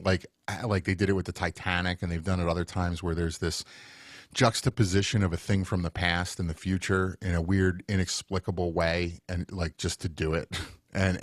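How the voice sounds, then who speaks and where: Deep-voiced American podcast co-host chatting. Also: male voice, a little fast, dry recording, clean studio sound. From United States. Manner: enthusiastic, rambling with fillers. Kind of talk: casual chat.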